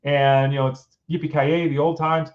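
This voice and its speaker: Middle-aged male sports show host, fairly high voice, exasperated and rhetorical, muffled lo-fi recording. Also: level tone, moderate pace. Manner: exasperated, fires off rhetorical questions. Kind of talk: casual opinionated commentary. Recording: dull lo-fi sound.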